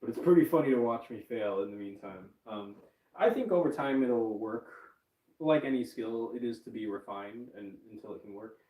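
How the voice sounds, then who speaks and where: A man's voice: mid-range voice, moderate pace, warm tone. Male streamer, casual self-mocking chatter, roomy echo. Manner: rambling, frequent fillers, self-mocking laughs. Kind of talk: casual chat to viewers. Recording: roomy echo, distant from mic.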